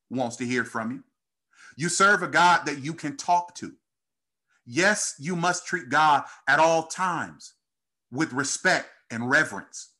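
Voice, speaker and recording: Bright-voiced preacher man, rising fervor. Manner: call-and-response preaching, rising in pitch and intensity. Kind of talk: sermon.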